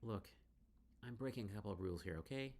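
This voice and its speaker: A man reading as a woman in a text game who confides in a quick, hushed rush. The voice stays low and close to his own. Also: natural voice. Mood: hurried confiding. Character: woman friend, hurried and confiding.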